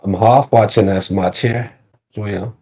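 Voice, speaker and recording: A man's voice: lowish voice, steady tone, a little slow, dark tone, husky. A man chatting casually on a livestream, crude and joking, swearing freely. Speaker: livestream co-host. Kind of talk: casual live chat.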